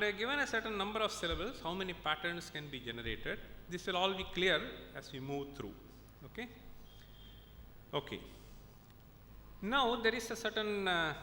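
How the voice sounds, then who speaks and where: An Indian professor with a bright voice gives a conference lecture, working through examples and recitation step by step. He keeps checking in with "okay?" and "right?" The echoey hall carries a faint rumble.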